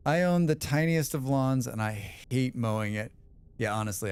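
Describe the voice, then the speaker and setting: A man's voice: mid-range voice, moderate pace, a little mellow, clean tone, no room sound. A man streaming a game, chatting casually and answering chat with rambling, opinionated remarks. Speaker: livestream gamer. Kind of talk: casual livestream chat reading chat.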